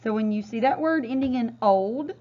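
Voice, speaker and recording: Patient woman teaching a phonics lesson. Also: a little high. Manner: clear, patient, drawn-out word modeling. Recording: dull, lo-fi sound.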